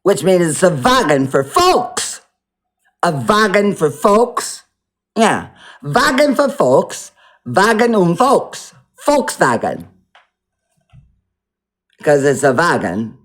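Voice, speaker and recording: A man's voice: fairly high pitch, very animated, slow pace, pauses often, fairly bright tone. A man giving casual commentary over a video, rambling and repeating words as he mock-teaches pronunciation. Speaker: video reactor.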